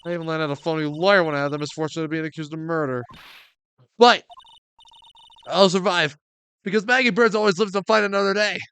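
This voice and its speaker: A man's voice: a little high, steady tone, fairly quick, long pauses, fairly bright tone, clean tone, no room sound, voice pushed up. A man voicing an earnest, hapless young woman who used to be a police officer, reading her lines with dramatic earnestness from a story game. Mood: determined.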